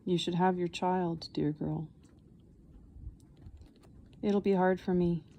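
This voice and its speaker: A wise old man speaks softly and patiently, voiced by a woman reading the story aloud. The voice sits low and mellow, with an unhurried, gentle way of explaining. It reads as a calm elder in a spoken storybook. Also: lo-fi sound. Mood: tender.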